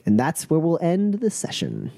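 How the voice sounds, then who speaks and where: A man's voice: fairly high pitch, wildly swooping pitch, moderate pace, gravelly, heavy background noise. Laid-back male game master. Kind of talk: narrating a tabletop game.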